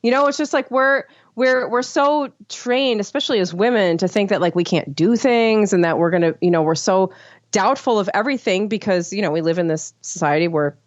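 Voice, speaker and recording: A woman's voice: medium pitch, a little fast, no room sound. A woman co-hosting a casual podcast chat, speaking candidly about personal experience with many restarts. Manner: candid, frank, lots of "like" and restarts. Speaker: podcast co-host. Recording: dry, dull lo-fi mic.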